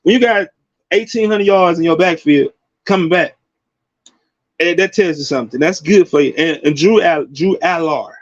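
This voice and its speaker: A man in his forties giving casual, slangy college football commentary, animated, with loud bursts. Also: fairly high pitch, normal speed, dry recording, muffled recording. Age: 40s.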